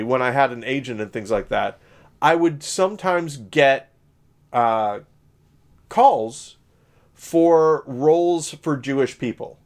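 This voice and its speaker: A man's voice: mid-range voice, smooth. Rambling man from Southern Illinois. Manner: rambling, many fillers and self-corrections. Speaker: podcast co-host. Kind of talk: casual conversational chat.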